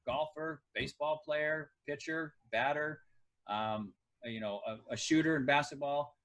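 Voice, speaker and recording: A middle-aged former athlete talking on a podcast. His voice sits in an ordinary middle register, and he spins long, reflective stories in a relaxed, conversational way. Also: medium pitch, low-quality recording. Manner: reflective, tells sports anecdotes at length. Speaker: former pro kicker and kicking coach, guest. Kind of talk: casual podcast interview.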